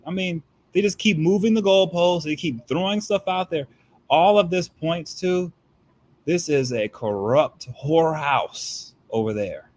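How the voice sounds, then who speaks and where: A man with a fairly high voice gives heated political commentary as a guest. He talks emphatically, piling up rhetorical questions to drive his point home. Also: unhurried, a little mellow.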